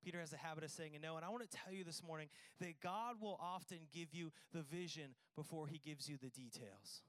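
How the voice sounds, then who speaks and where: A man's voice: a little high, brisk, a bit bright, no room sound. A man preaching a sermon in a conversational, joking way, acting out the dialogue of the scripture. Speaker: pastor.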